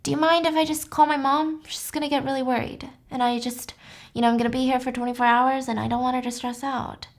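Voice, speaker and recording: A woman's voice: sits high, flat delivery, quick pace. A young woman hosting, telling a true crime story in a chatty, casual way with lots of fillers. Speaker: host.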